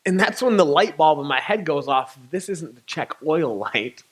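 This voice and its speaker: Animated young man telling a story. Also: fairly high pitch, moderate pace. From Michigan. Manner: animated, acts out dialogue with laughter. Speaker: touring poet and guest speaker. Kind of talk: storytelling talk.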